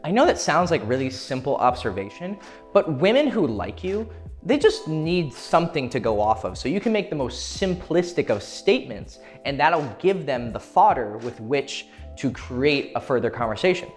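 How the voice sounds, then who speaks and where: A man's voice: a little high, big pitch swings, moderate pace, faint music behind. A man coaching on dating in a casual, profane way, acting out short quoted exchanges as he explains. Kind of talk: instructional talk to camera.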